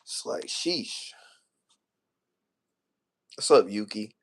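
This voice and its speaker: A man's voice: on the low side, lively intonation, drawn-out words. A young man in his twenties rants casually to his livestream chat. He talks in loose slang, circles back over the same points and sounds emotional as he vents. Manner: casual slangy rant, repeats himself, emotional. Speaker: streamer.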